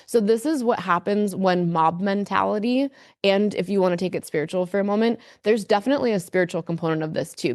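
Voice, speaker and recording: A woman's voice: mid-range voice, no room sound, clean studio sound. A woman as a podcast guest, speaking candidly and emphatically, with a lot of fillers. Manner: earnest, emphatic storyteller, many fillers.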